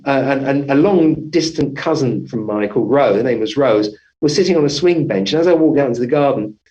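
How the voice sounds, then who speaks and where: A man's voice: medium pitch, animated, a little fast, mellow, dull audio. A man, a family physician, telling his story as an interview guest, rambling with many restarts and self-corrections.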